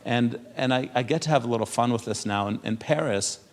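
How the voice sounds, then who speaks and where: A man from Europe speaking on a symposium panel. He tells stories in a lively way, acts out the people he quotes and turns earnest and persuasive. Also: medium pitch, a little fast. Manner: animated storyteller who acts out quoted exchanges. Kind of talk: storytelling talk at a symposium panel.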